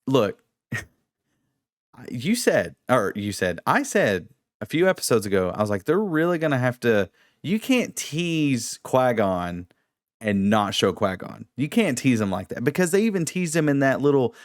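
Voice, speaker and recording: A man co-hosting a casual review chat, animated and mocking, slipping into impressions. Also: medium pitch, unhurried, no echo, clean studio sound. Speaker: podcast co-host.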